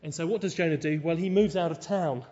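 A man delivers a sermon in a fairly high, mellow voice. He works through the scripture carefully and keeps asking the congregation rhetorical questions. The lo-fi recording carries a long, echoing hall reverb. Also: fast. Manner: expository, with rhetorical tag questions. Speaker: preacher.

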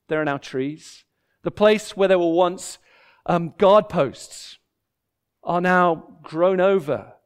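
A man preaching from the pulpit, his voice pitched high for a man. He builds each point through short repeated phrases that rise and fall. Now and then he slips into voicing the people in his story. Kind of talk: expository sermon.

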